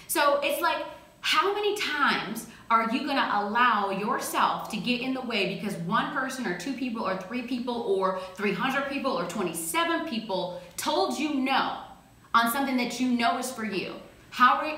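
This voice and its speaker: A woman's voice: fairly high pitch, normal speed. Emphatic woman speaker in an echoey room. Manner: energetic, emphatic, slangy. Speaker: motivational speaker. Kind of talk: motivational talk.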